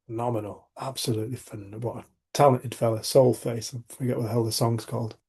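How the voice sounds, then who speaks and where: A man's voice: mid-range voice, steady tone, fast talker, a little mellow, breathy edge. A middle-aged man hosts a community group. He tells personal stories in a frank, rambling way, restarting sentences and swearing casually. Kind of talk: reflective personal storytelling.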